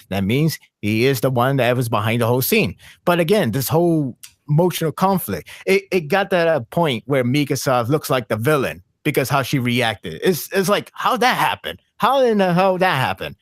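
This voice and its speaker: Excitable man rambling on a podcast. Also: medium pitch, no echo, clean studio sound. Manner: excitable, rambling with many restarts and fillers. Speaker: podcast co-host. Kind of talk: casual podcast discussion.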